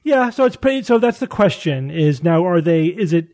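A man's voice: high voice, expressive, moderate pace, darkish tone, no echo, studio quality. A man hosting a casual science chat, explaining findings at length with frequent restarts and fillers.

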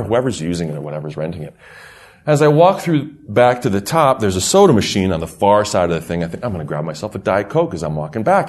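A middle-aged man casually telling a rambling, animated story, laughing through parts of it. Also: fairly low pitch.

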